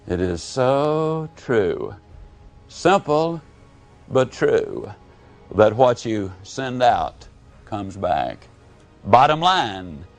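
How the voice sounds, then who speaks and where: A man giving a dramatic motivational speech. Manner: storytelling with dramatic pauses and big drops in pitch and volume. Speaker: motivational speaker.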